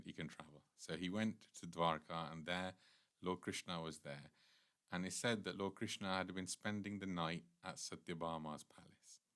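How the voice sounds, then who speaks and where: Low-voiced man giving a devotional class. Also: fairly bright tone. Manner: earnest, retelling scripture stories at length. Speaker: temple class speaker.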